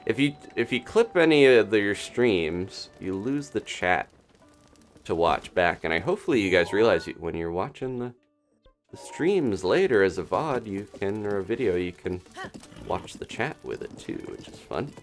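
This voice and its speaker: A man casually commentating his own gameplay on a live stream, chatting and thinking aloud with quick little laughs. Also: lowish voice, sing-song, soft background music. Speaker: gaming streamer.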